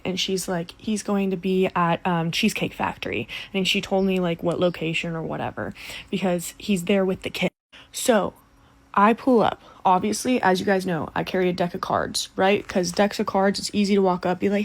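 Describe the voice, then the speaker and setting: A young woman telling a story in a casual, animated, profane way, acting out the other people's voices. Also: medium pitch, moderate pace.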